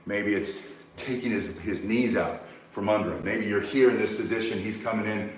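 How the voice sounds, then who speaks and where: A man's voice: lowish voice, steady tone, normal speed. A man teaching self-defense, bluntly and emphatically walking through each move step by step. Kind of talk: instructional demonstration. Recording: very echoey, mic far from speaker.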